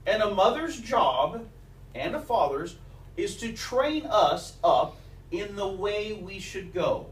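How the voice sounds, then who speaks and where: A man's voice: high voice, animated, takes it slowly. A man preaching a sermon as the pastor, telling stories and quoting scripture along with old sayings of mothers. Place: church sanctuary. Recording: echoey church recorded from a distance.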